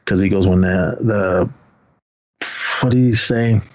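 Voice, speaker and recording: A man with a fairly low voice chats casually on a podcast, recapping a movie scene by scene. He rambles and hesitates, filling gaps with "uh" while acting out the characters' lines. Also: fairly even intonation, a little slow, darkish tone, lo-fi sound. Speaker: podcast co-host.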